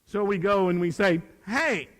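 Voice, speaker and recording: An older man giving a live motivational talk to young people, animated and swinging between loud bursts and hushed asides. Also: sits high, measured pace. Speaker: motivational speaker. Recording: reverberant hall.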